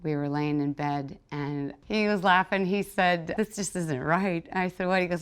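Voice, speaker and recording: A middle-aged woman, a podcast guest, telling personal stories in a lively way and acting out the voices of others. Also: on the low side, moderate pace, hardly any pauses, clean tone. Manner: lively, animated when quoting others. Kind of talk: storytelling in a podcast interview.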